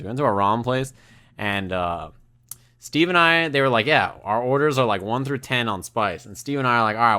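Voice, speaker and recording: Bright-voiced young man telling a story. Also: mid-range voice. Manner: animated, profane, quotes people in his story. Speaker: streamer. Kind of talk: casual stream chat, storytelling.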